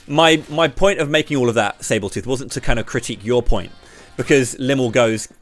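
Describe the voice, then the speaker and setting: A British man with a slight lisp, streaming live and ranting to his chat while throwing quick questions at viewers. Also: mid-range voice, faint music behind. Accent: British English. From Britain. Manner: ranty, talks straight to chat with quick questions.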